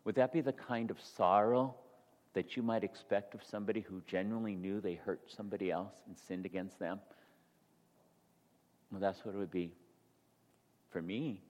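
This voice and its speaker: A man's voice: lowish voice, steady tone, normal speed, long pauses. Male pastor preaching in a reverberant hall. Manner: shifts from soft, near-whispered confession to loud, rising preaching. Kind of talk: sermon. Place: church sanctuary. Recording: long hall reverb in a church.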